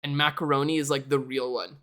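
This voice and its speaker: The voice is medium in pitch with little pitch movement, brisk and fairly bright. It belongs to a young adult streamer from Canada who chats casually to a live audience through a desk mic, laughing a lot and swearing in rambling asides.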